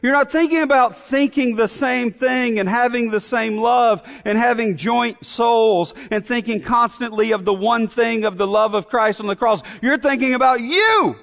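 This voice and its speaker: A man's voice: extremely high pitch, expressive, moderate pace, creaky, a bit bright, big-room sound. A man preaching an expository sermon in an earnest way, repeating key phrases and asking rhetorical questions. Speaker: pastor.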